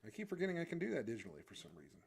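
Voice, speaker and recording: A man's voice: mid-range voice, wildly swooping pitch, racing, gravelly, slight background noise. Casting: a male art streamer, offhand and thinking aloud, who mutters when he is focused. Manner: rambling, self-deprecating, thinks aloud. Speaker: livestreamer drawing comics. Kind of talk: casual chat while drawing.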